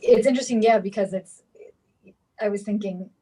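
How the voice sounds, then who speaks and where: Woman host on a video call, husky voice, musing and open-ended questions. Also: mid-range voice, normal speed, mellow, poor audio. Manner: thinks aloud, trailing questions. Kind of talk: casual video call interview.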